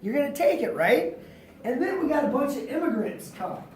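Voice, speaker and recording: A male teacher giving an animated, slangy classroom lecture, acting out little scenes with his students. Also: very high-pitched, normal speed, slight background noise. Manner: animated, slangy, acts out quotes. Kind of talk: classroom lecture with role-play. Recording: echoey classroom from far off.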